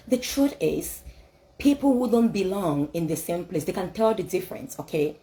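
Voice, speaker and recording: A woman's voice: on the low side, expressive, normal speed, mellow, poor audio. A woman speaking English as a second language, giving a motivational talk laced with scripture, emphatic and repetitive, full of rhetorical questions. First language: not English.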